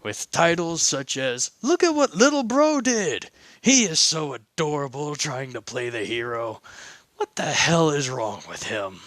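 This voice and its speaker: A man's voice: fairly high pitch, a bit bright, no echo, exaggerated voice. A man doing a teasing, wry older relative. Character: teasing older mafia relative on the phone, amused young man.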